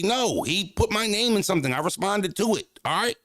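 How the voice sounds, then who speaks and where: Animated streamer man, dry close mic. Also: sits high, brisk, no room sound. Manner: animated, profane street slang, talks back to chat. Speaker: streamer reacting to chat. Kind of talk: casual livestream talk.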